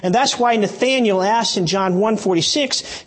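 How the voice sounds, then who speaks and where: A man's voice: sits high, moderate pace, slightly rough. A male pastor preaching a sermon, teaching through a Bible passage with emphatic asides and frequent restarts.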